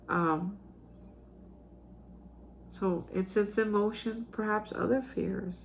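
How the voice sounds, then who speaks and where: A woman's voice: medium pitch, creaky, darkish tone, a little hiss or hum. A woman hosting a recovery reflection, telling a personal story in an earnest, emotional way, with many fillers and restarts. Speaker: host sharing daily recovery reflections.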